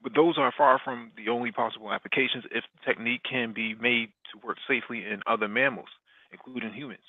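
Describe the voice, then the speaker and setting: A podcast host reading a news article aloud, stumbling and restarting now and then. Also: male voice, mid-range voice, steady tone, fast, slightly rough, no echo. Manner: reads with frequent restarts. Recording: dry, tinny phone-like line.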